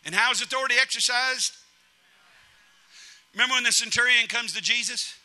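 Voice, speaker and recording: A middle-aged man preaching a sermon, humorous and animated, acting out quotes in different voices. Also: very high-pitched, brisk. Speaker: pastor.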